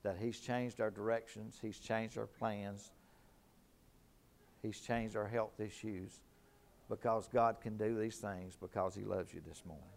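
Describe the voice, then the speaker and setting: A man's voice: fairly low pitch, little pitch movement, a little slow, creaky, darkish tone. A middle-aged man preaching a sermon in a fervent, emphatic way, repeating his key lines.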